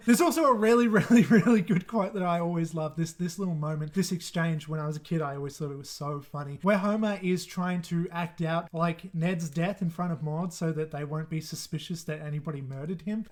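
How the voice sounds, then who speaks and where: A man with a rather high voice talks through his favorite episodes alone, in a casual and eager way. He laughs often and trips over his words, restarting sentences as he goes. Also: brisk. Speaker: video host ranking episodes. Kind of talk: casual solo commentary.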